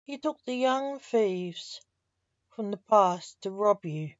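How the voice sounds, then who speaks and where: A calm male grim reaper king in a storybook, as a woman reads him, slow and unhurried. The audio is dry and dull, like a lo-fi home recording. Her voice sits at a middle pitch. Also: no echo.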